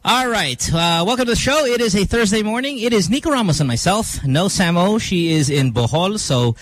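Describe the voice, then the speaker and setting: A man's voice: high voice, lively intonation, fairly quick, fairly bright tone, no room sound. A man hosting a casual morning radio show in a studio, joking and rambling with fillers.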